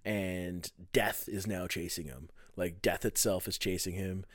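A man's voice: low voice, fairly even intonation, unhurried, no echo, clean studio sound. A man co-hosting a podcast in casual chat, swearing and laughing a lot. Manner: loud, profane, laughing banter. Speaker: podcast co-host.

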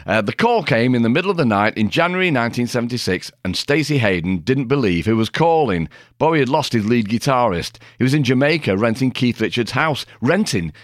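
A man's voice: mid-range voice, animated, a little fast, few pauses, no room sound. Dry-sounding chatty man. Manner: chatty anecdotal storyteller, jokey asides. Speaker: podcast co-host. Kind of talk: casual chat about music history.

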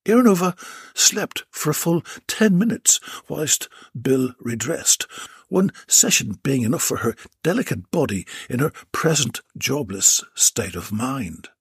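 Slow, breathy man narrating a comic audiobook, close dry mic. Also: mid-range voice, very animated, no room sound.

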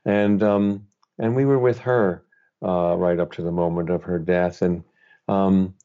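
A middle-aged male author, a guest on an interview, telling a personal story in a gentle, thoughtful, unhurried way. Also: low voice, steady tone. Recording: slightly dull, lo-fi sound.

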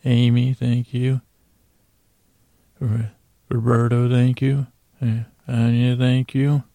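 Gravelly, rambling man hosting a podcast. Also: mid-range voice, level tone, slow pace, dark tone, dry recording. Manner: rambling, whimsical, talks to imaginary creatures. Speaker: podcast host. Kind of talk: casual, playful thank-you segment.

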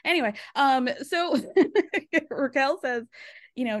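A woman hosting a casual reality TV recap podcast, animated, laughing often and acting out cast members' lines in mocking voices. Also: high voice, takes it slowly. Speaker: podcast host.

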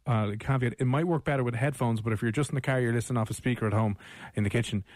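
A man's voice: mid-range voice, very fast, darkish tone, no room sound. An Irish man hosting a radio show, chatting casually with lots of fillers and restarts. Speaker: radio host. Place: radio studio. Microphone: studio mic.

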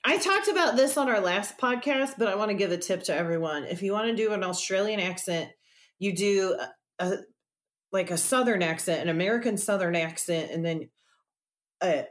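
Lively teasing woman podcaster. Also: medium pitch, a little fast. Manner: teasing, argumentative. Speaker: podcast co-host. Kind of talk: casual chat.

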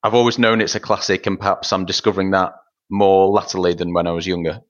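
A man's voice: deep voice, flat delivery, fast. A man on a film podcast talking in a reflective, easygoing way. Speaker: podcast co-host. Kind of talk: casual film chat. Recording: dull, lo-fi sound.

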